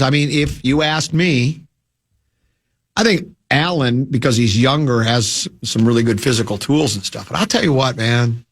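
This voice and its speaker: A man's voice: mid-range voice, a bit bright. Man with a cold hosting sports radio. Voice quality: usually whiny and nasal. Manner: rambling, restarts sentences often. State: has a cold, lower voice than usual. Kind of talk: casual sports talk.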